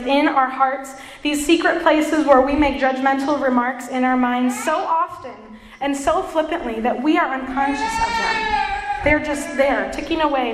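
A woman's voice: high voice, fairly bright tone, a little hiss or hum. A woman preacher giving a sermon, earnest and self-deprecating, with playful asides. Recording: echoey hall with long reverb.

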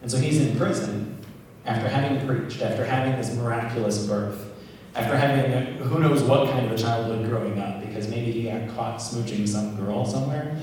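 A man giving a casual, joking sermon, full of asides and quick tag questions to the listeners. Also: medium pitch, darkish tone, a little hiss or hum. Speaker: preacher. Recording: echoey hall, distant mic.

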